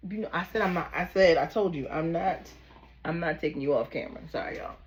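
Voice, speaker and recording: Speaking on the low side at a quick pace, this Baltimore woman gives her viewers a casual tarot reading with a Baltimore accent. She's chatty and familiar, easygoing, talking straight to them and calling them "y'all" and "baby."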